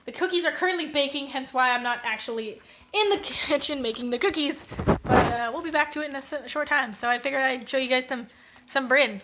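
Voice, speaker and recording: A woman's voice: high voice, fairly quick, noisy background. A woman from Canada chatting casually to her viewers on a home live stream, rambling with fillers and the odd swear word. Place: home, indoors.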